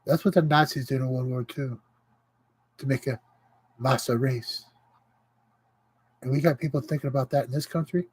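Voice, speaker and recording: A man hosting his own livestream, ranting with indignation and pausing to greet viewers. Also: mid-range voice, fairly even intonation, slightly rough, poor audio. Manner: impassioned, indignant, greets viewers mid-rant. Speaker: livestream host. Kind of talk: casual livestream rant.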